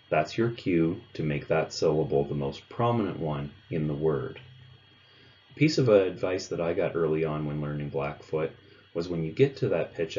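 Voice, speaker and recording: Man, very deep voice, teacher narrating a lesson, measured and clear, slightly muffled recording. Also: a little mellow. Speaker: language teacher. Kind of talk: instructional narration.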